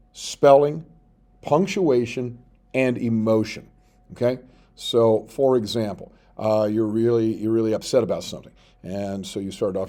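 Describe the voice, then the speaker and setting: Male teacher, mellow voice, patient step-by-step classroom explainer. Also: mid-range voice. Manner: explains step by step, reads out sample text slowly while typing. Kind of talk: screen-recorded tutorial.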